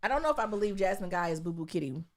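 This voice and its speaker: A woman co-hosting a podcast, chatting casually in an animated, candid way and swearing freely. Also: on the low side, racing, background noise. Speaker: podcast co-host. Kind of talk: casual chat.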